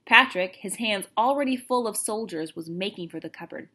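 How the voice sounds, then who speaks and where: A teacher reads a children's chapter book aloud, her narration expressive and lively. She is a woman with a steady, middling voice, pacing the story for young listeners. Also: medium pitch, moderate pace, hardly any pauses, husky.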